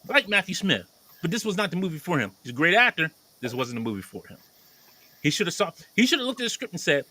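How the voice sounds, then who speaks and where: A man's voice: a little high, sing-song, fast talker, sharp tone. A man casually retelling a movie plot as a podcast co-host, acting out the characters' lines as he goes.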